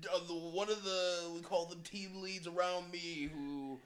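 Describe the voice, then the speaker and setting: A young man in casual profane banter, halting and laughing as he talks. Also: high voice, steady tone, fairly bright tone. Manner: halting, laughs mid-sentence, trails off.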